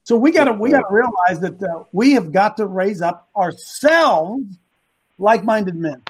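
A man hosting a men's ministry group, preaching an emphatic rant that repeats lines for stress and rises to shouts. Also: sits high, expressive, normal speed, breathy edge, low-quality recording.

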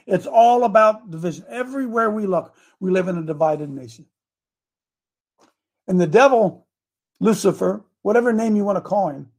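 A man preaching a sermon that mixes in politics. He calls for amens, repeats himself, and speaks straight to people in the room. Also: sits high. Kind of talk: sermon mixed with political talk.

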